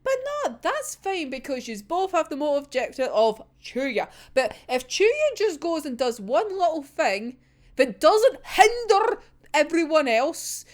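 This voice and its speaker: A woman's voice: high voice, sing-song, a little slow. A young woman reacting to a manga chapter with a heated, sweary rant, laughing often.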